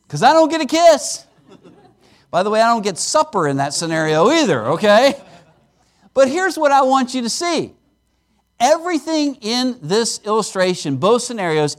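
A male preacher with a notably high voice delivers a sermon in an animated, conversational way. His pitch swings widely as he stresses key words, then drops into playful asides to the congregation. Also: moderate pace. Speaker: guest preacher at a missions conference. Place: church service.

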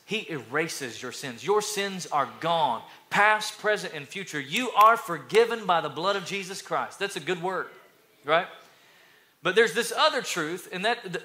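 A man pastor preaching a sermon to his church, energetic, repeating phrases and telling stories. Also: sits high. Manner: energetic preaching with repetitions and storytelling.

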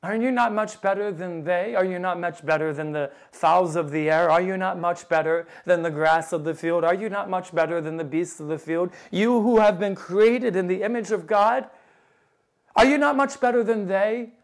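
A male preacher delivers a fervent sermon in a high, ringing voice. He leans into old scripture wording and presses his listeners with urgent questions. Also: moderate pace. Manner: fervent, rising to loud emphatic appeals.

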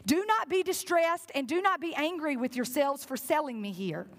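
A woman's voice: high voice, expressive, normal speed. A woman voicing a powerful man who tenderly forgives his brothers, within a sermon. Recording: long reverb in a large hall.

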